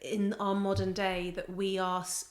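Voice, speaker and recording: A woman's voice: mid-range voice, flat delivery, a little slow. A young woman hosting a podcast interview, affirming her guest and asking searching questions. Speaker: podcast host. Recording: roomy echo.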